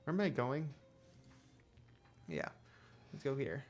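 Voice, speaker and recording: Casting: young guy streamer, loose rambly chat, mid-pitched, lots of fillers. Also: very animated, slow pace, pauses often. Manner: rambling, filler-heavy, self-deprecating. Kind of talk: casual gameplay commentary.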